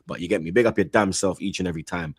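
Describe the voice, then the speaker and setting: A man with a fairly low voice talks football in a slangy, rambling way, peppering every line with shout-outs and "you get me". The sound is close and dry. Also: very fast, slightly rough, no echo. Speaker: football stream co-host. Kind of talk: casual chat, reading out super chats.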